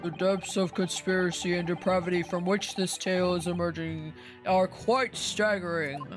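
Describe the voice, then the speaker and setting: A woman voicing stern, formal male officials, a prison governor and a judge, speaking in a commanding, measured way. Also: on the low side, steady tone, faint music behind, close to an everyday voice. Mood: grave. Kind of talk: voicing game dialogue on a live stream.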